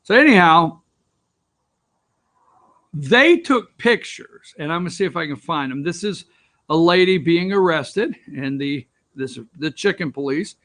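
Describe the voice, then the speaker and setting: A man's voice: a little high, lively intonation, a little slow, a bit bright. A man hosting an opinion talk show, ranting with sarcastic, rambling asides.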